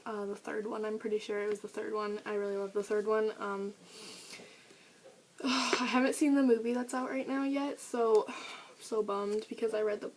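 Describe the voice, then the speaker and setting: A woman's voice: mid-range voice, fairly even intonation, normal speed, slight background noise, poor audio. A teenage girl chatting eagerly about her favorite books, with lots of fillers, recorded on a camera mic. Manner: gushing, chatty, many fillers. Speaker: book vlogger. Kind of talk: casual book review vlog.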